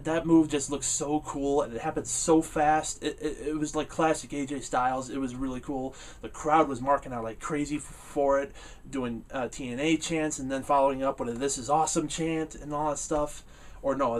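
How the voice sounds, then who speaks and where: A man talks through a wrestling show in a loose, rambling way, full of "uh" fillers and quick laughs. His voice sits a little high for a man and a little back from the mic. When something annoys him he gets loud and animated. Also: far from the mic. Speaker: wrestling reviewer. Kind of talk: casual spoken review.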